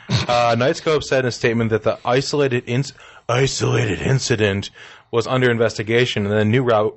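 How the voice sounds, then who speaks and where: Rambling jokey male podcast co-host. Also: medium pitch. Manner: jokey, rambling, with filler words. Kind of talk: casual comedic news chat.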